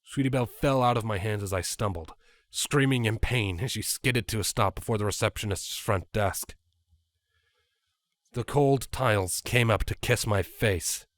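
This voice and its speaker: A man reading a fan fiction story aloud with an expressive, animated delivery. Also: fairly low pitch, normal speed, no echo. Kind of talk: dramatic story narration.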